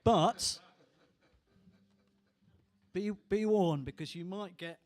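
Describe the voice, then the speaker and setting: A man's voice: high voice, slow pace, darkish tone. A man, a musician and entertainer, chatting between songs with a dry, self-mocking manner on a small theatre stage. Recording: live hall with long reverb.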